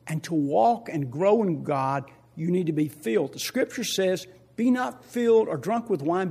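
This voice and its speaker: Older male pastor, high husky voice, emphatic sermon with congregation questions. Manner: swings from loud emphatic preaching to quiet asides; repeats key phrases, asks the congregation questions.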